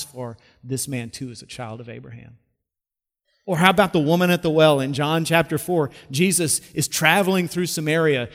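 A pastor preaching a sermon, telling stories and dropping from loud emphasis to hushed, slow lines. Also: male voice, fairly high pitch. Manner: storytelling preacher with wide swings between loud and hushed. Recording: long reverb of a large hall.

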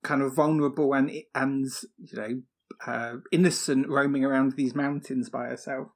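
A man's voice: mid-range voice, little pitch movement, moderate pace. A man guesting on a book podcast, talking thoughtfully with plenty of hesitations. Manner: thoughtful, hesitant, many fillers. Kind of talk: casual book discussion.

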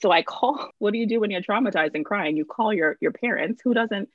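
A woman's voice: medium pitch, a little fast, dry recording, dull audio. A young woman telling a personal story in casual podcast chat, talking in a rambling way with lots of fillers and restarts. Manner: chatty, lots of "like" and restarts, laughs through stories.

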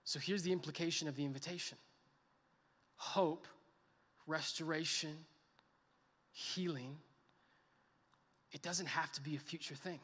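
A male pastor delivers a sermon in a high, bright voice. He builds to fervent, impassioned crying out, then pulls back to quiet, intense emphasis. The sound rings with a long reverb from a large church hall. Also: fairly even intonation, fast talker, hardly any pauses, slightly rough. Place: church sanctuary.

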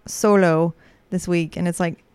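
A woman's voice: lowish voice, fairly even intonation, unhurried, a little mellow, smooth, dry recording. A woman in her thirties co-hosting a podcast, chatting casually and laughing often as she tells stories. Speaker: podcast co-host. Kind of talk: casual chat.

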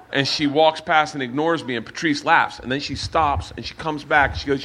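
A man hosting a comedy podcast, telling profane stories with friends in a bar before a live audience. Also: a little high. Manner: animated, profane, quick anecdotal delivery. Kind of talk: storytelling with friends.

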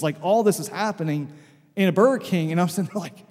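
Guy preaching, chatty storytelling sermon, slightly high husky voice, big church echo. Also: expressive, fairly quick, a little mellow. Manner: conversational, loose storytelling with frequent "like". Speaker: pastor. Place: church sanctuary before a congregation. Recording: long church hall reverb.

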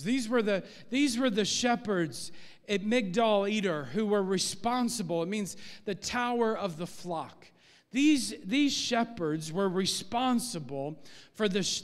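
A man preaching a sermon as pastor of a church, animated and rising in force on key points. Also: sits high, long reverb tail. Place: church sanctuary.

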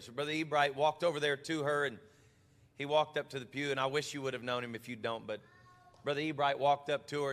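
A male pastor telling stories in a sermon, then building to passionate shouted preaching in a church. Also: mid-range voice, fairly even intonation, fast talker, long reverb tail.

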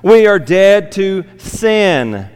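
A man preaching an expository sermon, slow and emphatic, repeating key phrases for weight. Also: high-pitched, sing-song, darkish tone, smooth. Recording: long reverb of a church hall.

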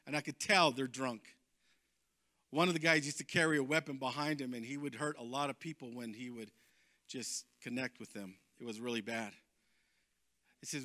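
A man preaching, telling a personal testimony in a lively, emphatic storytelling way. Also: fairly high pitch, moderate pace. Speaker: guest preacher. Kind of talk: testimony sermon.

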